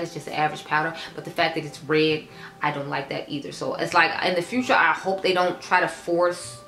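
A woman talking through her makeup likes and dislikes at a quick clip, blunt and chatty. Her voice sits a little low and the room is echoey, with faint music underneath. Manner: frank, chatty, lots of fillers. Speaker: beauty vlogger. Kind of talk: casual product review.

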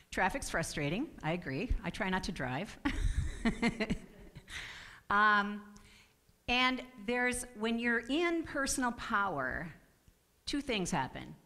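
A woman's voice: mid-range voice, fairly bright tone. A middle-aged woman giving an earnest, personal spiritual talk to a congregation, often breaking off and restarting her sentences. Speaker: guest speaker.

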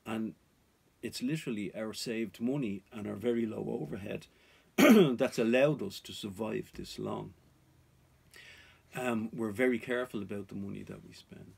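A man's voice: fairly low pitch, moderate pace, creaky, slightly rough. A man vlogging about off-grid life, talking to viewers in an earnest, cautionary way. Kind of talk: casual advice to viewers.

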